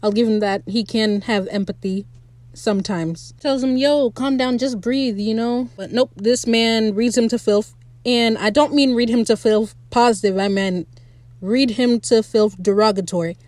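This podcast host recaps a TV episode at normal speed, her medium-pitched voice carrying a casual, excitable rant. Swearing comes freely as she talks straight to her audience over a dry recording.

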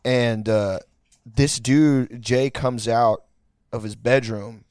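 A man's voice: medium pitch, fairly even intonation, takes it slowly, a little mellow, smooth, dry recording, clean studio sound. A man from Houston, Texas telling a crude story in a casual, rambling way, full of filler words.

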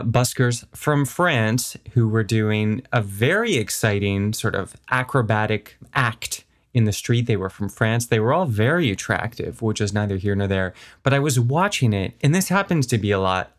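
A man hosting a podcast, delivering a comedic solo monologue full of rambling, self-mocking asides, with lively swings in pitch and pace. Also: normal speed. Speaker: podcast host.

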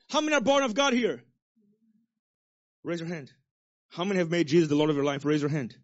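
A male pastor preaching a sermon with call-and-response to the congregation, swinging between loud exhortation and soft low asides. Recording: dull lo-fi sermon recording.

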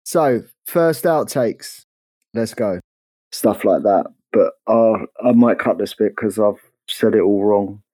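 Man, co-host, slow drawling pace, tired, swears and laughs, dry close sound. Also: fairly low pitch, dark tone, no room sound. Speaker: podcast co-host. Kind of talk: casual chat.

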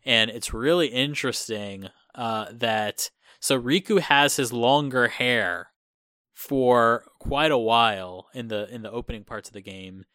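A man's voice: medium pitch, a little slow, pushed and bright, no echo, studio quality. A man hosting a casual podcast chat, rambling with lots of fillers and restarts. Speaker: host.

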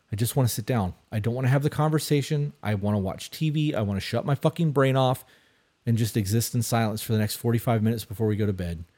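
A man's voice: mid-range voice, a little mellow. Blunt, profane man co-hosting a podcast. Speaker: podcast co-host. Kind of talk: casual advice talk.

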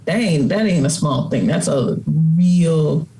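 A middle-aged woman with a Chicago accent, a writer and radio host, chatting as a podcast guest and telling stories in a lively, colloquial way. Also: deep voice, a little slow, rough recording. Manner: animated storyteller, colloquial. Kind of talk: casual interview conversation.

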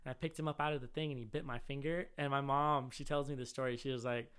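A man talking in a casual, chatty way, drifting into stories and swearing freely. His voice is bright and forward, with a smooth, clean, resonant tone. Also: mid-range voice, steady tone, quick pace. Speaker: podcast co-host and writer. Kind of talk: casual chat.

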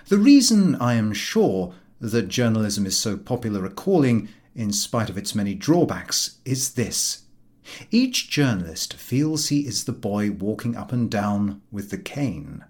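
A man reading a humorous novel aloud as an audiobook, with a wry and expressive delivery. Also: fairly low pitch. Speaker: audiobook reader.

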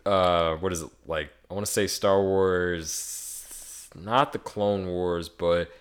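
A young man co-hosting a podcast in casual chat, animated and joking, talking through long explanations with many fillers. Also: low voice, slow, clean tone. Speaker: podcast co-host.

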